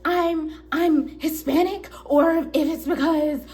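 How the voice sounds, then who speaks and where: A woman's voice: high voice, fairly even intonation, slow pace, darkish tone, soft background music, voice pushed up. A woman voicing an entitled female customer who complains insistently that she has been wronged. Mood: indignant.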